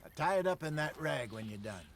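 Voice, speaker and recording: A seasoned older outlaw in a video game, speaking with a calm, folksy drawl. His voice sits slightly high for a man his age, and there is a faint hiss of noise behind it. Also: a little fast. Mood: instructive. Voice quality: easygoing, drawling old-West speech.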